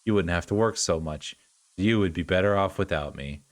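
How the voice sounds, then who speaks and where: A man voicing a frail, sad young man in a visual novel, speaking quietly and with self-blame. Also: deep voice, normal speed, dry recording, pitched below the performer's own voice, natural voice. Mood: subdued. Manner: quiet, subdued, self-blaming.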